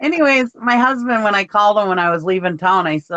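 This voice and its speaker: A woman's voice: medium pitch, lively intonation, quick pace, fairly bright tone, no room sound. A woman co-hosting a casual chat, telling rambling anecdotes full of fillers. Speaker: show co-host. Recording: dull, lo-fi sound.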